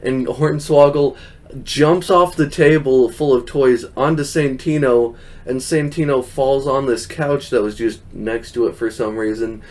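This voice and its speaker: A man's voice: medium pitch, steady tone, measured pace, a little mellow. Young man rambling casually about wrestling. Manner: rambling, laughs often, quotes wrestlers in silly voices. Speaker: podcast host. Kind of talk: casual recap chat.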